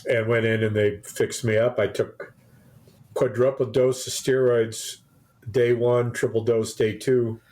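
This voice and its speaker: A man's voice: mid-range voice, flat delivery, a little slow, darkish tone. A man co-hosting a podcast, telling a rambling story in casual chat with many restarts. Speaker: podcast co-host.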